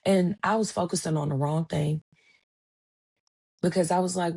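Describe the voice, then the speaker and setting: A woman's voice: lowish voice, moderate pace, creaky, pauses often. A woman in her thirties hosting a solo podcast, talking casually and telling stories by acting out the voices of the people in them. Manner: animated storytelling, acts out quoted dialogue; conversational, colloquial phrasing. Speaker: podcast host.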